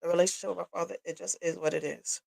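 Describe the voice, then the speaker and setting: A woman sharing a personal story on a livestream, candid and blunt, tearful and sniffling. Her voice has a gravelly edge, and the sound is dry and close. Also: on the low side, steady tone, racing, darkish tone, dry recording, rough recording. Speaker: livestream host. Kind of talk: personal testimony talk. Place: home workshop.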